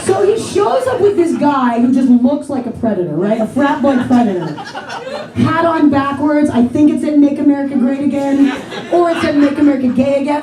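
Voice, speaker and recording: A woman of forty from the Pittsburgh area doing a brash, self-mocking stand-up set on a theater stage. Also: high-pitched. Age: 40s. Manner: brash, self-mocking, swings into loud exclamations. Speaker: stand-up comedian. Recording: echoey room from far, crowd laughter.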